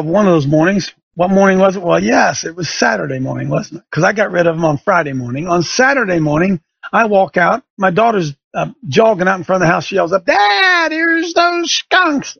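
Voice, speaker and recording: A man's voice: high-pitched, expressive, brisk, vocal fry, breathy edge, dry recording, highs cut off. A middle-aged man hosting a show, telling a folksy story and turning it into an emphatic sermon-like lesson for listeners. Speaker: show host. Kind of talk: preaching radio monologue. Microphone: studio microphone.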